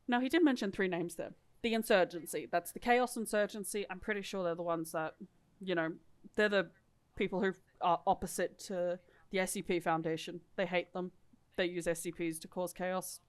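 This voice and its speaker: A woman's voice: fairly low pitch, steady tone, moderate pace. Irreverent woman reading lore aloud. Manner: casual and irreverent, swearing freely. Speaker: podcast co-host. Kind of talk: casual lore reading with commentary.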